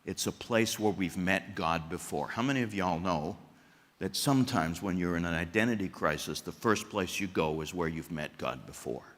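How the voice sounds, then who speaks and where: A man preaching a chapel sermon, animated and questioning the audience, with stammered restarts and sudden jumps in pitch and loudness. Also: moderate pace. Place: large chapel hall. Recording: echoey hall.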